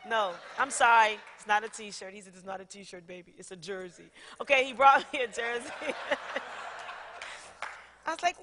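A middle-aged woman pastor preaching a sermon, animated, laughing often and acting out quotes. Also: a little high, moderate pace, long pauses. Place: large church hall. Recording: long church hall reverb.

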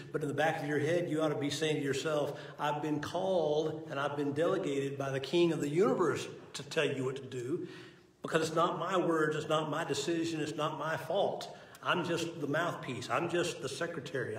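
A man teaching a conversational Bible lesson, earnest and folksy, telling family anecdotes. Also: a little high. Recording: echoey hall from far off.

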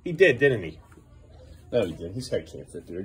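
A man's voice: lowish voice, sing-song, moderate pace. A man filming his kids at home for a vlog, laughing at them and scolding them in turn. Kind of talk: casual home vlog narration.

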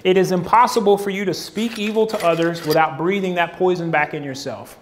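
A man's voice: high voice, fairly quick, slight background noise. A man preaching a conversational sermon, acting out quoted voices as he goes.

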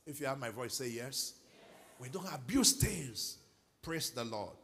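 Nigerian pastor preaching, bright voice. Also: male voice, a little high, big pitch swings, normal speed. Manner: swings from quiet asides to shouted exhortation, calls for responses. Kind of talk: sermon. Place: large church hall.

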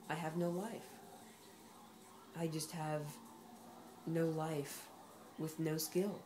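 This gameplay commentator has a low voice with fairly even intonation and speaks slowly, pausing often, over background noise. Playing a racing game, she keeps things casual and sarcastic and answers back to the characters.

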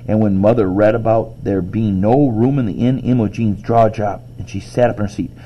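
A man reading a children's novel aloud, lively, with squeaky character voices and whispered asides. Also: moderate pace, husky. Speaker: reader.

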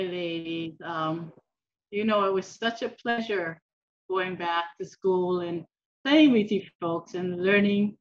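A woman's voice: medium pitch, dull audio. A woman, a former player, speaking affectionately and casually.

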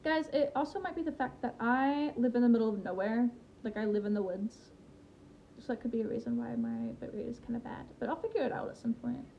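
A woman's voice: a little high, very animated, a little fast. A young woman chatting casually on a gaming livestream, reading and answering chat while she plays. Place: home in a rural area. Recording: lo-fi stream audio, faint background hiss.

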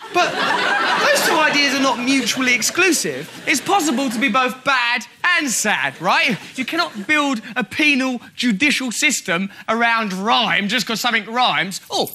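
A man hosting a comedy show, mocking clips with quick-witted commentary. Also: very high voice. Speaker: comedy host. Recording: loud audience laughter and noise. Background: studio audience.

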